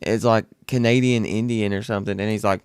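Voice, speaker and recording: A man's voice: on the low side, steady tone, fairly quick, a little mellow, clear, resonant tone, no echo, clean studio sound. Rambling, profane young male streamer. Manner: rambling and profane, many restarts. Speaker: streamer reacting to clips. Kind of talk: casual reaction stream.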